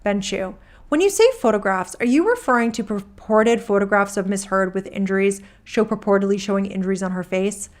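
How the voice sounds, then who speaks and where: A woman reading a court transcript aloud, voicing a male attorney who asks the witness measured questions. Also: medium pitch, close to an everyday voice.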